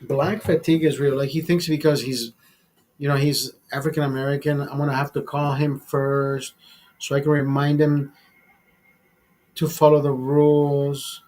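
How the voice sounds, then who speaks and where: A man casually telling a profane story in a vlog, animated and blunt. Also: medium pitch, moderate pace, low-quality recording. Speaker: vlogger.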